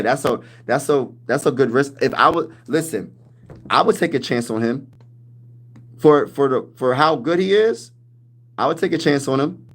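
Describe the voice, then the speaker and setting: A man hosting a casual sports livestream, hyping his team with loud trash talk and reading viewers' comments aloud. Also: medium pitch. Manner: hyped trash talk, reads chat aloud. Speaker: livestream host.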